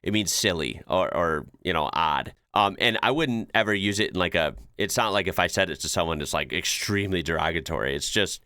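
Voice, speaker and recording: A man's voice: low voice, brisk, few pauses, pushed and bright, clear, resonant tone, no room sound, clean studio sound. A man hosting a reaction video, chatting casually with lots of fillers and laughs. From United States. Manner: laid-back, chuckles often, explains with many fillers.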